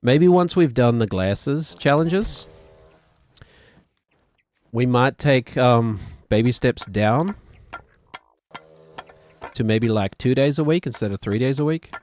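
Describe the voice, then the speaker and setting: A man's voice: medium pitch, lively intonation, slow, pauses often, a little mellow, slight background noise. A man with a New Zealand accent, likely in his thirties, streaming a video game and thinking aloud in a rambling, self-deprecating way. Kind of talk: casual gaming commentary.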